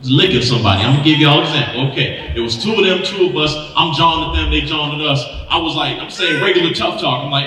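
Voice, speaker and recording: A man's voice: a little high, fast, recorded from a distance. A man in his thirties from Milwaukee performing a stand-up comedy set on stage, telling stories and acting out the voices of the people in them. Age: 30s. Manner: animated storytelling with acted-out voices. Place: stage in a large hall. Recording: echoey hall, mic heard from afar.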